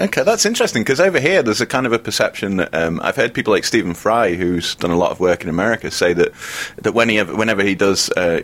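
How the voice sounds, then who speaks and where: A man with a British accent co-hosting a podcast in casual chat, easygoing and a bit hesitant. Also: low voice. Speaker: podcast co-host.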